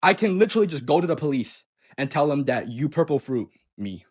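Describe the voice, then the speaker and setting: A man voicing a stern teenage girl as he retells her words in a story, speaking firmly and flatly. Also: on the high side, fairly quick, breathy edge. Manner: stern, flat.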